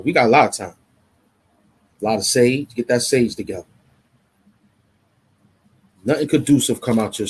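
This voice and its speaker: A husky-voiced man hosts his own online commentary show. He rants in a loud, mocking and animated way, hammering points home by repeating them, at a middling pitch. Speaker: YouTube commentary host. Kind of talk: casual ranting commentary.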